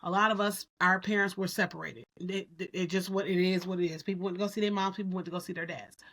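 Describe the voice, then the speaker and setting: A woman co-hosting a podcast, speaking candidly and telling stories in an animated way. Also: on the low side, fast. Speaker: podcast co-host. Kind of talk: casual podcast discussion.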